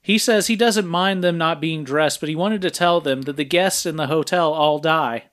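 A man co-hosts a podcast, summarizing a film's plot scene by scene in an easygoing way. His voice sits a little high for a man, and he keeps stopping for filler sounds as he goes. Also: normal speed, a bit bright. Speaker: podcast co-host. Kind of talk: casual film recap.

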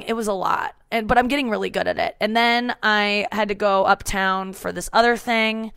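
Woman comedy podcast host, rambly and breathless, smooth clear voice, dry close mic. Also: medium pitch, fairly even intonation, moderate pace, hardly any pauses, a bit bright, dry recording. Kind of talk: casual comedy chat.

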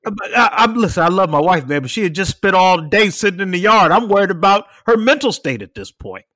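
Animated high-voiced man telling a story. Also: a little fast, no echo. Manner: animated storyteller, swears freely, acts out quotes and cat sounds. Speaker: podcast co-host telling a story. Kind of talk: casual chat.

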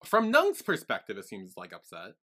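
A man's voice: lowish voice, huge pitch swings, moderate pace, fairly bright tone. A man co-hosting a podcast, summarizing plot in an easygoing casual chat. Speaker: podcast co-host.

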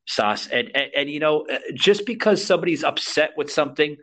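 A man's voice: on the high side, lively intonation, brisk, a bit bright. A man hosting a podcast, talking emphatically and repeating himself as he speaks straight to his listeners. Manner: emphatic, repetitive, addresses listeners as folks. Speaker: podcast host. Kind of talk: casual talk show discussion.

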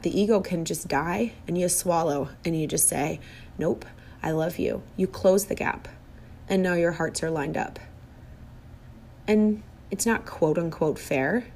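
A woman's voice: lowish voice, darkish tone. A middle-aged woman giving a personal, reflective monologue in a heartfelt, earnest way, often repeating phrases for emphasis.

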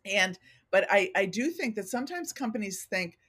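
A middle-aged woman organizational consultant with a mid-range voice speaks at normal speed as a guest on a podcast. The casual interview finds her candid and animated, acting out things people have said to her.

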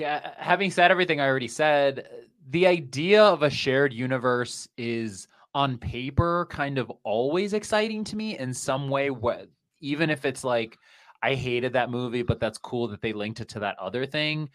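Male podcast co-host, lively rising and falling voice, wry and self-deprecating in casual movie talk. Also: medium pitch, moderate pace. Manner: wry, animated, self-deprecating, laughs often.

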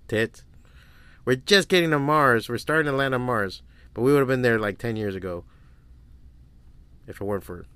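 A man's voice: medium pitch, a bit bright, smooth, dry recording. A man in his forties hosting a solo podcast, telling stories in a crude, rambling way and swearing freely. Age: 40s. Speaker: podcast host. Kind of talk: casual solo podcast monologue.

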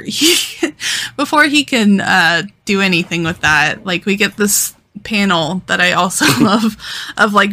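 A young adult woman co-hosting a podcast, retelling a manga in casual chat with animated delivery and constant "like" fillers. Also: medium pitch. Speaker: podcast co-host.

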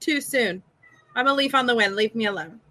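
A middle-aged woman chatting on a podcast over a video call, animated and mock-exasperated. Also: a little high, fairly quick, rough recording. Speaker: podcast guest. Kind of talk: casual podcast chat.

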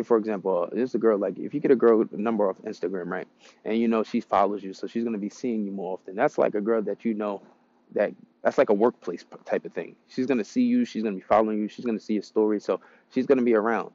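A man's voice: lowish voice, steady tone, fast, mellow, lo-fi sound. A man giving dating advice in a casual, rambling monologue, blunt and profane as he tells stories.

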